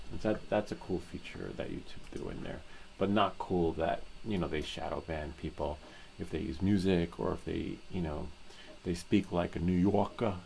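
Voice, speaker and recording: A man's voice: deep voice, vocal fry, slight background noise, poor audio. A man hosting a live stream, chatting casually and rambling, laughing easily.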